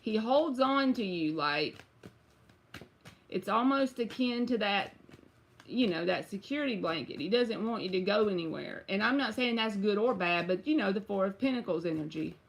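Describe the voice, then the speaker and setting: A woman's voice: mid-range voice, lively intonation, moderate pace, creaky. A woman giving a casual, chatty tarot reading on a live stream. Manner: casual, chatty, uses y'all and bruh. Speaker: tarot reader.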